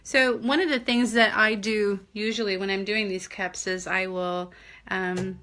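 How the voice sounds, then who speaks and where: An older woman with a Southern accent talks casually while she works on a craft live stream. Her voice is bright and forward, and she laughs often and greets viewers by name as she goes. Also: mid-range voice, flat delivery, measured pace, slight background noise.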